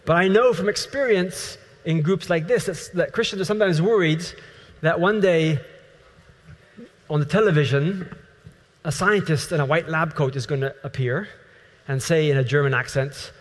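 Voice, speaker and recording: A man's voice: a little high, normal speed, long reverb tail. A man from the Netherlands, a scientist giving an earnest, thoughtful lecture to a group and restarting his sentences often.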